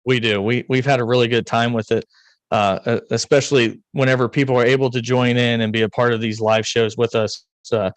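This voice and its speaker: A man's voice: medium pitch, fairly even intonation, fairly quick, no echo, rough recording. An American man co-hosting a racing podcast, chatting casually, joking and rambling. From United States. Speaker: podcast co-host. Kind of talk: casual chat.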